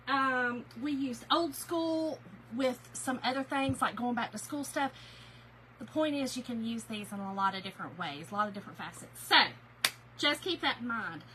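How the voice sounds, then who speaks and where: A woman with a high, very bright voice chats casually with her viewers, calls them by name and laughs often. She sells craft products in a loose, rambling way, and a faint noise runs behind her. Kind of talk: casual live chat.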